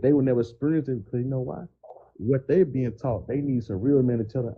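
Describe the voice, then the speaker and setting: A man's voice: mid-range voice, fast, a little hiss or hum. A middle-aged man co-hosting a podcast, speaking in a preachy, emphatic way about keeping it real. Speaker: podcast co-host. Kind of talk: casual podcast talk. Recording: dull, muffled sound.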